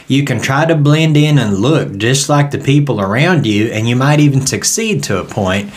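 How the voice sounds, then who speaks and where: Southern US man, Bible study teacher, relaxed folksy delivery, medium voice. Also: medium pitch, normal speed. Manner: folksy storytelling, conversational.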